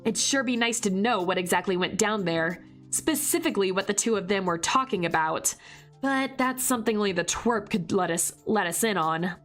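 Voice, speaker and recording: A hoarse woman reading out the narration of a brash young female investigator, sarcastic and suspicious, with a slangy, scornful edge. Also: medium pitch, lively intonation, moderate pace, a bit bright, soft background music, lightly acted. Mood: wry, suspicious. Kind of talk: reading visual novel narration aloud.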